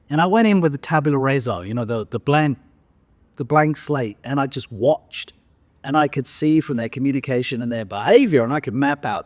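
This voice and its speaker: A man's voice: mid-range voice, lively intonation, a little fast, no echo. English man, older speaker telling stories. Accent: English with some Australian. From England. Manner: anecdotal, self-interrupting, frequent "right?" asides. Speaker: guest, professional speaker. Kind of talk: conversational interview storytelling.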